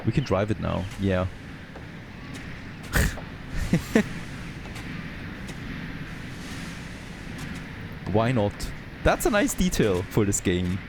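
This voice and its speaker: A man who is not a native English speaker, thinking aloud and getting excited as he comments on a city-building game. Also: lowish voice, normal speed, gravelly, few pauses, noisy background. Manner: thinking aloud, easily excited, frequent "there you go". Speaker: gameplay commentator. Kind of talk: let's play commentary.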